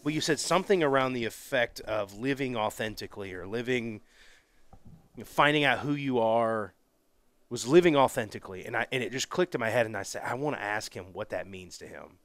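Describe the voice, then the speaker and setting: A man hosting a casual podcast interview outdoors at a barbecue grill, talking in a relaxed, rambling way. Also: medium pitch, brisk, dry recording. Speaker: podcast host. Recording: faint grill sizzle behind. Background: food sizzling on the grill.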